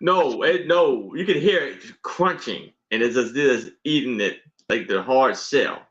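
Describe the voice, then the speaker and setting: A man co-hosting a live stream, telling a story in unhurried, halting casual chat. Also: medium pitch, expressive, fairly bright tone. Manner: unhurried, halting, with many restarts. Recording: dull lo-fi stream audio.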